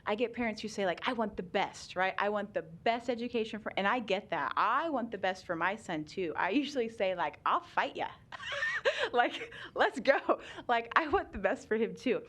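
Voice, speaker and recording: A woman's voice: mid-range voice, lively intonation, fairly quick, few pauses, a bit bright. A middle-aged woman in a legislative hearing, explaining special education rules in a chatty way with frequent laughs and fillers. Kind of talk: conversational testimony.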